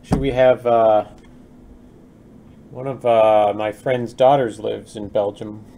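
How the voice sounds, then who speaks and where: Guy streaming his game dev, lowish mellow voice, chatty, keys clacking in the back. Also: steady tone, slow, gravelly. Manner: chatty, reads chat aloud and mutters while working. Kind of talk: casual live-stream chat while working. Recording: faint noise with keyboard typing.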